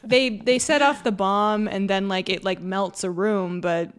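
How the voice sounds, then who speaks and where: A woman's voice: mid-range voice, steady tone, a little slow, smooth. A woman co-hosting a movie podcast in casual chat, laughing often and using many fillers. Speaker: podcast co-host.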